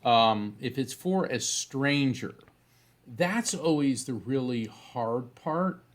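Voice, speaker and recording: A middle-aged man, a psychic medium guest, telling anecdotes in conversation, rambling with many fillers and restarts. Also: mid-range voice.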